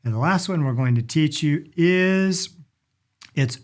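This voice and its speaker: A man's voice: on the high side, lively intonation, measured pace. A middle-aged man explaining travel phrases in a casual instructional talk, demonstrating them with stretched vowels. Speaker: language and culture teacher.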